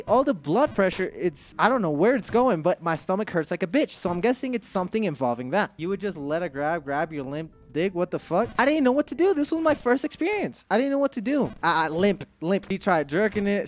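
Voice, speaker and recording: A young man telling a crude personal story to his stream chat, rambling and restarting often as he goes. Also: fairly high pitch. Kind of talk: storytime vlog.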